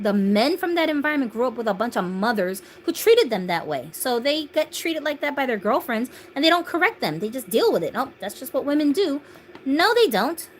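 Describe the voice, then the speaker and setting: A woman in her thirties hosting a doll channel, chatting casually on a phone livestream, laughing often and reading viewer comments aloud. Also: on the high side. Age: 30s.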